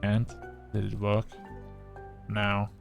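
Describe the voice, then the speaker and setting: Man putting on a slow Texan cowboy drawl for a quirky, laid-back game wizard, lowish voice. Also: monotone, gravelly, lo-fi sound, soft background music. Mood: easygoing.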